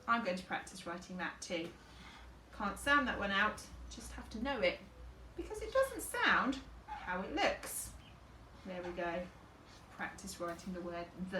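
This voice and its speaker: A woman teacher in a phonics lesson for young children, slowly sounding out each word and talking herself through it. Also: a little high. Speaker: infant school teacher. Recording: roomy and a bit distant, faint background hum.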